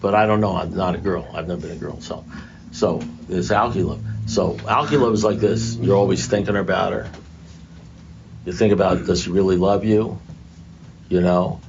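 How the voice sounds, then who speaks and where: Older man, low gravelly voice, self-mocking storyteller at a group meeting, muffled lo-fi room recording. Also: background noise. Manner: conversational, self-mocking humor. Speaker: recovery meeting speaker.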